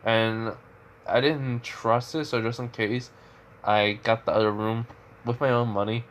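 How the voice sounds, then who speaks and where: A man's voice: medium pitch, fairly even intonation, unhurried, muffled recording, slight background noise, close to an everyday voice. A man doing an easygoing old ninja mentor. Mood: explaining. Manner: casual, offhand delivery.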